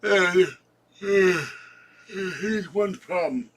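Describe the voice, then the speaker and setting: A man's voice: high voice, very slow, fairly bright tone, slight background noise. A man in his seventies, drowsy and rambling as he chats casually to viewers on his live stream. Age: 70s. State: sleepy. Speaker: channel host.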